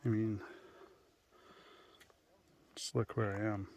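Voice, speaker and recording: A man's voice: lowish voice, little pitch movement, slow pace, noisy background. A man in his thirties, a solo hiker, chatting casually with ums and uhs as he walks a mountain trail outdoors, speaking into a handheld camera. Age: 30s. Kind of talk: casual outdoor vlog narration.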